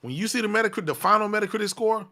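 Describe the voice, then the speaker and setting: A man's voice: sits high, racing, bright, forceful tone. A man co-hosting a casual chat who stumbles and restarts his sentences, heard from a distance. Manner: hesitant, stumbling. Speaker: co-host.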